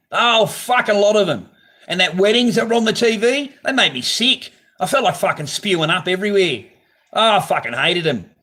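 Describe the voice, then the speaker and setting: A man's voice: high-pitched, bright, forceful tone. A man hosting a live stream from his garage on a phone camera, talking casually in a blunt, profane, ranting way. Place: home garage.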